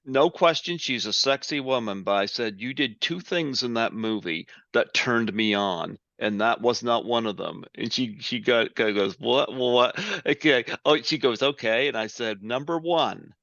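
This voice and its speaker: A man hosting a podcast interview, telling stories in a rambling, excitable way with many restarts. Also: medium pitch, moderate pace, few pauses, no echo, highs cut off. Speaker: podcast host. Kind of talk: casual interview chat.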